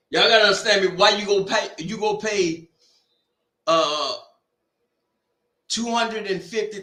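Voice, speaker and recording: A man in his forties with a bright, high-pitched voice, telling loud, joking stories at an unhurried pace. He rambles from tangent to tangent, and the room around him rings with echo while faint music plays behind. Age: 40s. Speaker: host of a sports watch-party stream. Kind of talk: casual storytelling chat.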